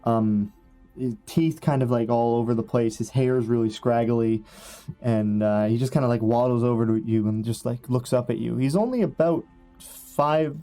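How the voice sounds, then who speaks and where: A man's voice: mid-range voice, normal speed, dark tone, faint music behind. A man narrating a tabletop game as game master, rambling with many fillers.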